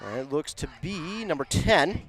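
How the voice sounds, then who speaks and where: A man calling a local high school football game, chatty and self-correcting, rising in pitch and volume on big plays. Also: expressive, normal speed, a bit bright. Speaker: play-by-play announcer. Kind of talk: local football play-by-play commentary.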